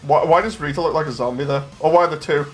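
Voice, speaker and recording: A man's voice: a little high, faint music behind. A man streaming his reactions to a game showcase, rambling and joking in casual commentary. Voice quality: excitable, rambling, quick to joke.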